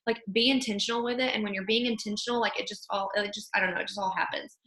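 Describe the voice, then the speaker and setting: Chatty woman host, bright voice, lots of "like", roomy echo. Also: mid-range voice, fairly even intonation, fast talker, few pauses. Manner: chatty, fills with "like" and "you know". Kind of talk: casual motivational chat.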